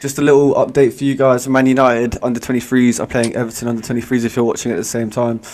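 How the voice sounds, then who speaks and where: A man's voice: medium pitch, little pitch movement, fast, darkish tone. A man, co-hosting a football podcast in casual banter, playful, argumentative and slangy. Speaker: podcast co-host.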